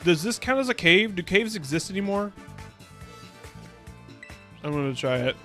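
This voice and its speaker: A man's voice: high voice, lively intonation, moderate pace, pushed and bright, soft background music. A man streaming a video game, talking casually with rambling jokes and frequent bursts of laughter. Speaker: VTuber streamer. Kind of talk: casual let's-play commentary.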